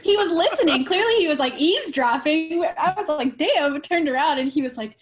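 A woman's voice: high voice, brisk, crowd noise. A young woman chatting casually on a podcast, telling stories animatedly with lots of "like". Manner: animated storyteller, many "like"s. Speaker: podcast guest. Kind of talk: casual chat.

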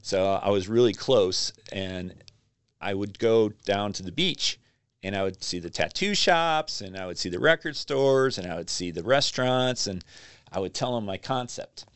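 A man's voice: on the low side, normal speed, smooth, dry recording. A man, a magazine publisher, casually telling stories as a podcast guest and acting out what people said. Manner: animated storyteller acting out quotes. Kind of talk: casual storytelling interview.

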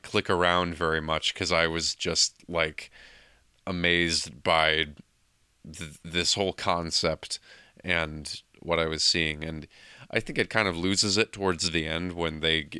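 A man's voice: deep voice, bright, forceful tone, smooth, no echo, clean studio sound. A man co-hosting a podcast in casual chat, talking hesitantly with lots of fillers. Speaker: podcast co-host.

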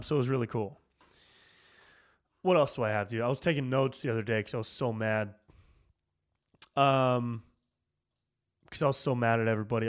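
A man hosting a podcast, ranting casually and profanely, drifting between low mumbled asides and fired-up outbursts. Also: fairly bright tone, clean tone. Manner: loose and profane, peppered with "dude", jumps between mumbling and fired-up. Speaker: comedian and podcast host.

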